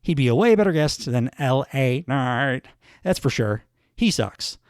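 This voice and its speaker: A man voicing a loudmouthed male wrestler hosting a talk show, mocking and showy. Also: mid-range voice, animated, a little slow, clear, resonant tone, dry recording, clean studio sound, close to an everyday voice.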